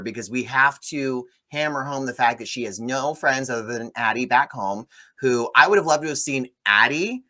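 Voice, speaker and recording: A man hosting a casual movie review chat, recapping the plot with sarcastic, animated asides. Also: medium pitch. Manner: sarcastic, animated storytelling with swearing. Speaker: podcast host reviewing a movie.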